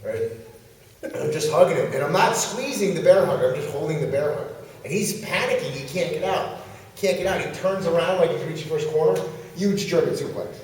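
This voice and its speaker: Man telling a lively story in an echoey hall. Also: a little high, fairly quick. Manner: lively, laughing as he tells the story. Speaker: pro wrestler guest. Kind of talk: animated storytelling. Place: large convention hall. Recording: echoey hall picked up from far off.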